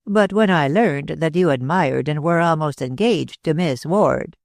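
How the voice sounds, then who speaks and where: A man voicing a talkative older man with an American accent, speaking slowly and dryly in a drawl. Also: a little high, animated, gravelly, no echo. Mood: cool. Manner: drawling, slow and dry.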